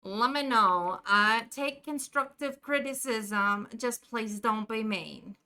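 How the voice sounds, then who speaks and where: A woman's voice: fairly high pitch, slow pace, pushed and bright, clear, resonant tone. A woman streamer chatting casually while gaming, teasing the characters in a put-on Jersey accent. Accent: put-on New Jersey. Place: indoor room at home.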